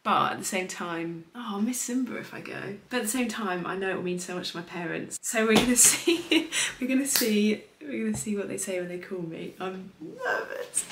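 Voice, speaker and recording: Fairly quick and with hardly any pauses, her mid-range voice carries a young lifestyle vlogger in her twenties through a rambling, confiding account of her day. The recording has an echoey room sound and faint noise.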